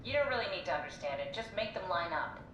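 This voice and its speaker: A composed woman who gives orders gently but will not be put off, speaking in a firm, reassuring, businesslike way. Her lines carry a long, roomy reverb and sound set back from the mic, with a steady hiss underneath, as heard through game audio. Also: lowish voice, fast, recorded from a distance. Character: calm, insistent woman steering her partner. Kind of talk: video game dialogue.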